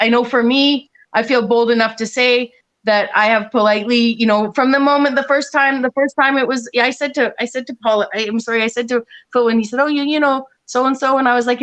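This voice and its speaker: A woman's voice: on the high side, fairly bright tone. A woman talking casually on an online panel, rambling with many restarts and frequent laughs. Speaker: panel guest.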